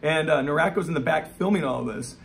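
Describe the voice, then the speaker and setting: A man's voice: fairly high pitch, vocal fry, a little hiss or hum. A man in his forties, a skateboarder and skate shop owner, telling rambling, profane stories in a casual way. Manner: rapid, profane, rambling anecdotes with many asides. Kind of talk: casual storytelling.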